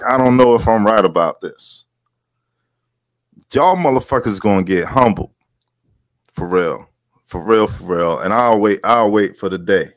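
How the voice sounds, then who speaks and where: A man's voice: medium pitch, no room sound, studio quality. A man doing heated, profane ranting commentary, emphatic and repetitive, greeting his viewers as he goes. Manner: heated, emphatic, swears a lot, repeats himself. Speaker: vlogger.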